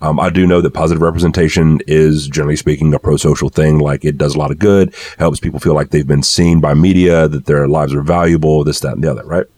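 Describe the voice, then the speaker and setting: A man's voice: extremely low pitch, fairly even intonation, quick pace, hardly any pauses, mellow, dry recording. A man co-hosting a casual podcast discussion, thoughtful and rambling, with many fillers. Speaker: podcast co-host.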